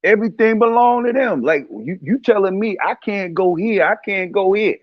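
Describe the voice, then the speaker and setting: A man's voice: sits high, moderate pace, no echo. Heated preachy man, dull lo-fi sound. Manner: heated, preachy, repeats himself. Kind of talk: casual religious commentary.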